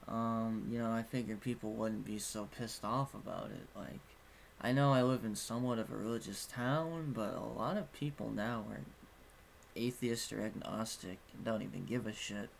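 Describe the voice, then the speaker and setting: A man's voice: lowish voice, moderate pace, vocal fry, a little hiss or hum. A young man telling a personal story in a casual vlog, rambling and frank, swearing now and then. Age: young adult. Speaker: vlogger.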